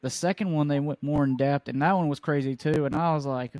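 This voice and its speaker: A man's voice: a little high, fairly quick, a little mellow, dry recording. A man in a casual podcast chat, enthusiastic and opinionated, who jokes as he goes. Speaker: podcast participant.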